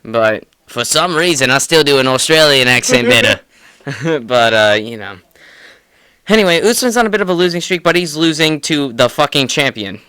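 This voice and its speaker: Casting: young male podcast co-host, excitable and profane, clear bright tone. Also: fairly high pitch, moderate pace, no room sound. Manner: excitable, profane, laughs often. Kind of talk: casual sports chat.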